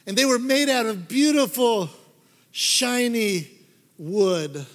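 A preacher telling a parable to his congregation, his voice high for a man. He swings from loud to hushed, and every line rolls through a long hall reverb. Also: takes it slowly. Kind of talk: storytelling sermon.

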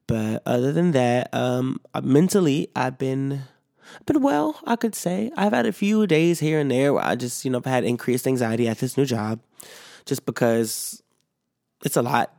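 A man's voice: medium pitch, moderate pace, vocal fry, darkish tone, no echo, clean studio sound. A man hosting a solo podcast, rambling casually with lots of swearing and fillers, sleepy and a little sick. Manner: rambling, profane, frequent fillers and restarts. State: sleepy, yawning; slightly sick. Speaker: podcast host.

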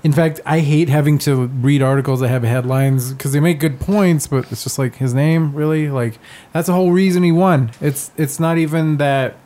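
A man's voice: fairly high pitch, moderate pace, mellow. A man from the United States hosting a podcast, talking in a rambling, casual way with frequent laughs and restarts. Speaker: podcast host. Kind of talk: casual chat.

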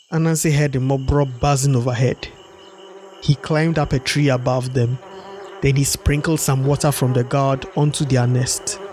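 A man narrating a folktale in a steady storybook read-aloud. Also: mid-range voice, slight background noise.

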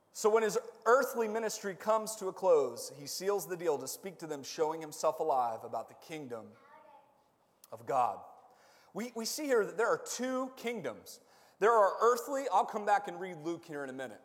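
A high-pitched man preaches in a church, his voice ringing through a long, echoing hall. He quizzes the congregation in call-and-response and swells into shouts at the peaks. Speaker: pastor. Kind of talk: sermon.

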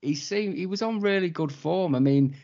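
A man's voice: fairly high pitch, normal speed, dark tone. Man, podcast co-host, casual chat, wry, laid-back, muffled lo-fi audio. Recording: dull lo-fi sound.

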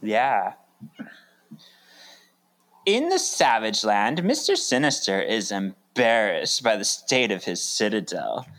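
A man's voice: fairly low pitch, slow, long pauses. Guy cohosting a podcast, laughs a lot, voice jumps all over. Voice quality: laughs often, animated delivery. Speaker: podcast co-host. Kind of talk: casual podcast chat.

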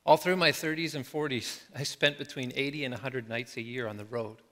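A middle-aged man preaching a sermon as a pastor, reflective, slowing down and letting his phrases trail off softly. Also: medium pitch, fairly even intonation. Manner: reflective, slow with soft trailing endings. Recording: long hall reverb.

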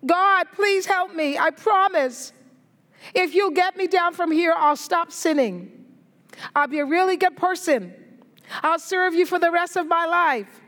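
A woman voicing a terrified man hanging from a cliff, yelling and pleading desperately for help. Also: extremely high pitch, unhurried, pitched above the performer's own voice. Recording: echoey hall reverb.

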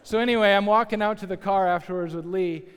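A man preaching a sermon as a pastor, telling a story in a lively, conversational way with asides to the listeners. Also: high-pitched, fast, slight background noise. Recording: long hall reverb.

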